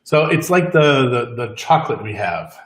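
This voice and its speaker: A man co-hosting a casual live-stream chat, joking and teasing through relaxed banter. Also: medium pitch, moderate pace, reverberant. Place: home in Mexico.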